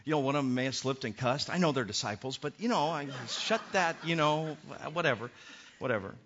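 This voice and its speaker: A middle-aged man preaching a sermon as pastor, animated and acting out the voices he quotes. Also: fairly high pitch, fairly quick. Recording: muffled lo-fi sermon recording.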